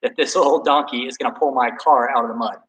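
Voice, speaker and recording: A man's voice: medium pitch, fairly even intonation, fast, a bit bright, a little hiss or hum, close to an everyday voice, poor audio. A man voicing a stranded old man who is worried and doubtful. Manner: exasperated, doubting.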